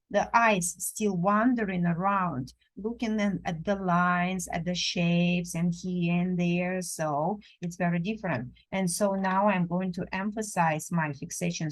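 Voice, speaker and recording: Slow, gentle woman teaching drawing. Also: fairly low pitch, fairly even intonation, rough recording. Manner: slow, gentle, non-native phrasing with many pauses. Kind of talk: live drawing lesson. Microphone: camera while drawing at a table.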